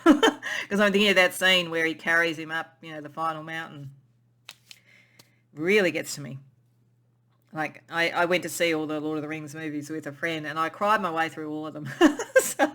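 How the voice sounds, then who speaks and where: Bright-voiced musing tarot reader. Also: mid-range voice. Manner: intuitive, musing, often repeats and restarts phrases. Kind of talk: pick-a-card tarot reading.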